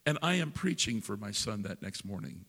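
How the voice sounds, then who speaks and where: An older man, a pastor, telling a story during a sermon in a folksy way, building into loud preaching. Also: fairly low pitch, very animated, normal speed, vocal fry, slightly rough, long reverb tail.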